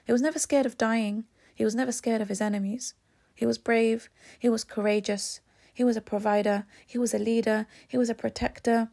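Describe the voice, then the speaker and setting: A woman's voice: a little high, vocal fry, warm tone. A woman giving an earnest, emphatic commentary monologue, repeating her points for stress.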